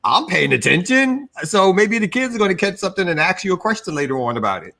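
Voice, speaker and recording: A man's voice: high-pitched, very animated, rapid-fire, a bit bright. A man co-hosting a morning talk show, speaking casually and acting out his own reactions. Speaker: show co-host. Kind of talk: casual chat.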